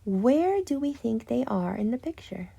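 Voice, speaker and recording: A woman teaching an early reading lesson to young children, patient and slow, drawing out words as she models them. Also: on the high side, very animated, gravelly, warm tone, breathy edge.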